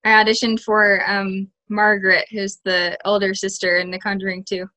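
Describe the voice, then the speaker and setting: Bright-voiced chatty young woman. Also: medium pitch, little pitch movement, normal speed. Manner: chatty, many fillers and restarts. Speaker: actress guest. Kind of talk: casual interview chat.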